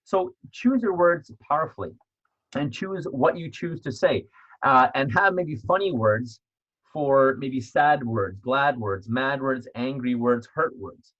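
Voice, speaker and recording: A man's voice: medium pitch, animated, unhurried, fairly bright tone, lo-fi sound. A man giving a motivational self-help talk as author and speaker, earnest and repetitive, often restarting his sentences.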